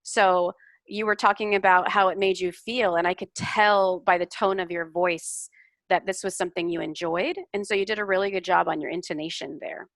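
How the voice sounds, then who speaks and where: A woman coaching a student's English over a video call, patient and encouraging. Her voice is bright and clear, recorded dry and close with no room sound. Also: on the low side, steady tone, moderate pace, no echo. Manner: encouraging, explains corrections patiently. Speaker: English speaking tutor. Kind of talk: online tutoring feedback.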